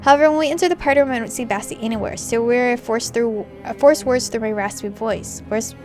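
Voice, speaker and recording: A young woman reading a visual novel aloud and reacting with loud, animated outbursts between the narration. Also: fairly high pitch, a little fast. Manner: expressive, jumps to loud excited reactions. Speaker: gamer. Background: faint game music.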